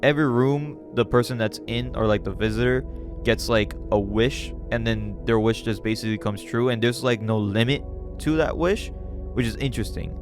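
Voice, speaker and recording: A man hosting a casual reading of a web comic, relaxed and chatty, with frequent fillers as he comments. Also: mid-range voice, moderate pace, music in the background.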